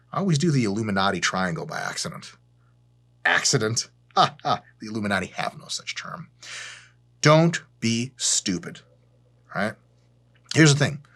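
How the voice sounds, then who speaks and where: A man hosting his fitness channel, giving a blunt, profane, joking educational rant with deadpan asides. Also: medium pitch, husky. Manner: sarcastic and blunt, swears freely.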